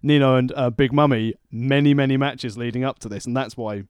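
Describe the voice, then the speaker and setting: A man's voice: mid-range voice, a little fast, clean tone, no echo, studio quality. A man co-hosting a podcast, chatting casually and joking. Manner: joking, animated. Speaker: podcast co-host. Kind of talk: casual chat.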